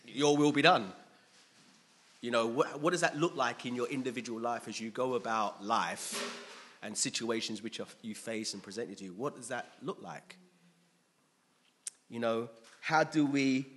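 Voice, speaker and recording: A man's voice: medium pitch, sharp tone. A man preaching a sermon to a congregation, earnestly asking them questions, often restarting his sentences, and reading scripture aloud.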